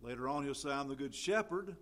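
A man preaching a sermon in a conversational way, full of fillers, getting louder when he quotes scripture. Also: medium pitch, expressive, brisk.

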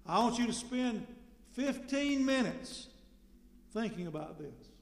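High-voiced preacher in an echoey hall. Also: male voice, expressive, a little slow, creaky. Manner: conversational preaching with rhetorical questions and sudden loud emphasis. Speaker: pastor. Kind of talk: sermon. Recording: echoey hall with long reverb.

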